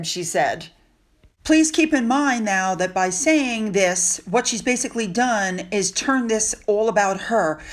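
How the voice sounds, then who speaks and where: A woman's voice: on the high side, lively intonation, a little slow. A woman hosting a commentary monologue, talking in a sarcastic and indignant way. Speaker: commentary channel host.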